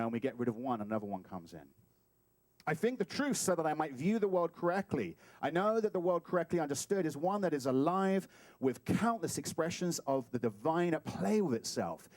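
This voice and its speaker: Lively higher-voiced man preaching. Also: brisk, no echo. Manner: animated and playful, acts out scenes. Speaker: guest speaker at a spiritual center. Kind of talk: sermon. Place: talk hall.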